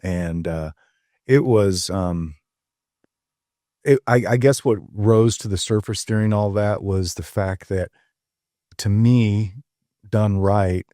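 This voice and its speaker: An older man talks in a deep, mellow voice. He tells stories earnestly and folksily, pausing on ums. The sound is dry and close. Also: no echo. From Tennessee. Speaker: guest. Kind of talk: casual storytelling interview.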